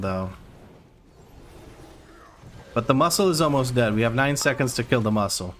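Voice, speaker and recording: A man's voice: medium pitch, animated, normal speed, pauses often, slight background noise. A man streaming a game, giving running play-by-play with wry asides to his chat. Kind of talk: live gameplay commentary.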